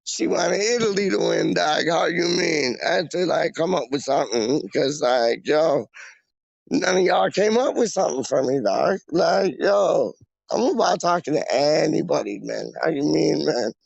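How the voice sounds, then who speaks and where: Young guy streaming on the street, gravelly, slangy rambling, dull lo-fi phone sound. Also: on the high side, lively intonation, moderate pace, no room sound. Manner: slangy, rambling, drops fillers like "man" and "dog". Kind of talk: casual street livestream.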